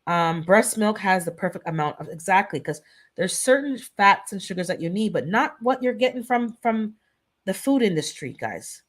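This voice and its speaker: Her voice sits in the middle range, expressive and moderately paced, as this Caribbean woman of Jamaican heritage runs a casual live-stream chat on wellness. She pleads sincerely and repeats points to make them stick.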